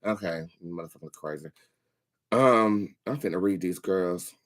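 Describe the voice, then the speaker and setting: A man's voice: low-pitched, normal speed. A young man hosting a tarot livestream, chatting casually with viewers in a candid, profane way.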